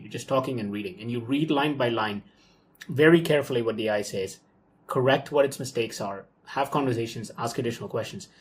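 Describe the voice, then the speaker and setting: A young man talks through his work live at his desk. His voice sits at a middle pitch, loose and excitable. He thinks aloud, filling gaps with okays and ums. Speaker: software developer talking through his workflow. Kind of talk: casual live screen-recorded walkthrough.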